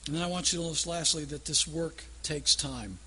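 A man's voice: a little high, fairly quick, bright, forceful tone, slight background noise. A man preaching a sermon in a folksy storytelling way that builds to emphatic declarations.

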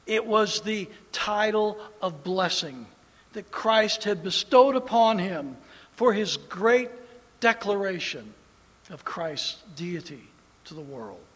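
Pastor, male, high voice, unhurried animated sermon delivery, long hall echo. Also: husky. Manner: animated preaching, swings from loud to hushed.

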